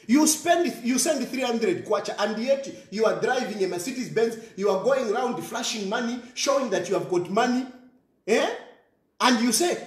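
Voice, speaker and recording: A man's voice: very high-pitched, expressive, moderate pace, echoey room. A man with a Zambian accent ranting scornfully in a monologue, repeating himself and scoffing. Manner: ranting, scornful, repeats phrases, mixes in local words. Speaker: commentator. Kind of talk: impassioned monologue.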